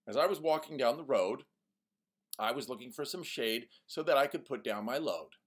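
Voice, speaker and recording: A man teaching a poetry lesson to young students, animated and mock-ironic, reading example lines in a sing-song voice. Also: mid-range voice, normal speed.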